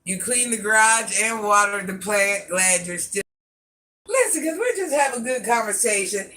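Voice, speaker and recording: High-voiced man chatting on a live stream. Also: expressive, normal speed, bright, forceful tone. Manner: rambling, answers viewer comments and talks to people off camera. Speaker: live streamer. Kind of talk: casual live-stream chat.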